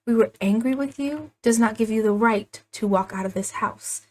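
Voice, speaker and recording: A woman's voice: on the high side, moderate pace, mellow, natural voice. A woman voicing a strict, angry father who scolds his daughter in a life-sim game story. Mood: stern. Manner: stern, scolding. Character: strict angry father, middle-aged man.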